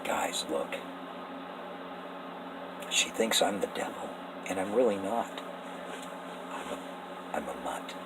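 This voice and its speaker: A man voicing the devil, a sly outcast who wants redemption, speaking low and half-whispered. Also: normal speed, far from the mic, noisy background. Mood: hushed pleading.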